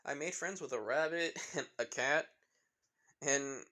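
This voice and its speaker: Kind teen boy hero, soft reassuring voice, just a guy reading it, fan story. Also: a little high, measured pace. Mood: gentle.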